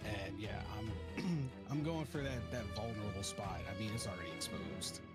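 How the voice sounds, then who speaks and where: A man playing in a tabletop game, describing his character's moves in a relaxed way with fillers. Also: on the low side, moderate pace. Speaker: player. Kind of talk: casual tabletop play. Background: music.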